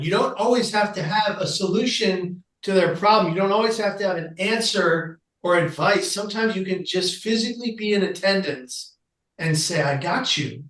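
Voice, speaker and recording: As a podcast guest, a man with a fairly high voice recounts a personal story, lively as he acts out the people he quotes. Because he sits well back from the distant microphone, a noticeable room echo colors his voice.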